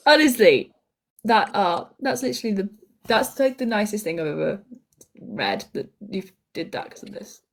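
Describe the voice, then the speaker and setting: A woman's voice: mid-range voice, big pitch swings, moderate pace. A young woman co-hosting a live podcast stream, reading out listener comments in a giggly, easily amused way. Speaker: podcast co-host. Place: indoors at a shared table.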